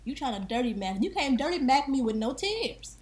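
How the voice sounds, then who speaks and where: A woman co-hosting a podcast in casual chat about music, animated, laughing often and acting out quotes. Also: high voice, brisk. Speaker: podcast co-host.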